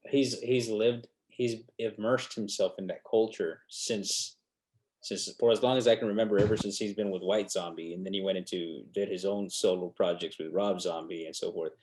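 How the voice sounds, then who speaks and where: A male podcast host with a low-pitched voice speaks in a conversational manner. He prompts his guest with questions and follows up on his answers. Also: fairly even intonation, moderate pace, a little mellow. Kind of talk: casual podcast interview.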